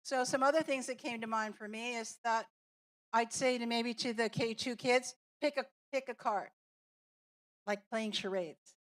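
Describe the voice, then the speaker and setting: A woman's voice: fairly high pitch, steady tone. A woman presenting a teacher training workshop in a classroom, explaining an activity step by step and walking through examples. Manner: slow, deliberate, explaining and demonstrating with examples.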